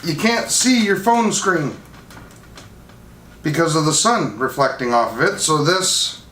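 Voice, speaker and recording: A man's voice: on the high side, a little slow. Casual man in an echoey room. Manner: relaxed, rambling with fillers and restarts. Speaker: channel host reviewing drone gear. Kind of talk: casual product chat. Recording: echoey room with faint noise.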